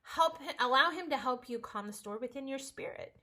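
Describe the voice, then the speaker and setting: A woman's voice: sits high, a little fast, hardly any pauses, pushed and bright. A woman teaching a casual home-school science lesson, chatty, playful and encouraging.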